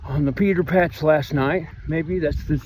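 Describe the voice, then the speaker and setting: A man's voice: on the high side, unhurried, darkish tone. Guy with a missouri twang ranting into the camera, aggrieved and rambling, faint hum and an animal somewhere behind. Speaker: vlogger. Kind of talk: vlog monologue.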